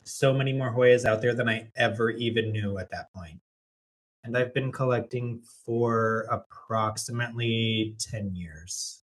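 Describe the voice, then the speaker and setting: A man co-hosting a podcast in casual chat, relaxed and joking, laughing often. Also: medium pitch, measured pace, a little hiss or hum. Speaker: podcast co-host, plant collector.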